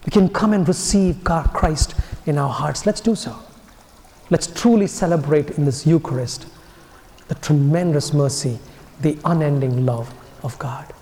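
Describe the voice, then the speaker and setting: A man, a priest, giving a homily as an earnest storyteller whose phrases soften and fall away at their ends. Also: a little high, measured pace, a little hiss or hum. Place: church. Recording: echoey church with long reverb.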